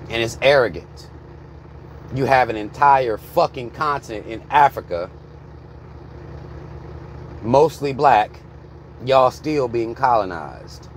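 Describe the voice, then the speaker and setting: An American vlogger in his thirties rants bluntly from inside a car, heated and swearing heavily. His medium-pitched voice moves slowly with frequent pauses, over a little hiss or hum.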